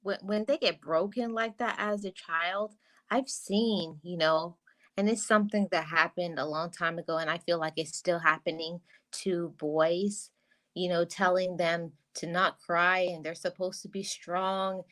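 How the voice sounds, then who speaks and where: A woman's voice: fairly low pitch, fairly even intonation, unhurried, fairly bright tone. A woman hosting a podcast and talking in a casual, earnest way. She often repeats her first words before a thought gets going. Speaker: podcast host.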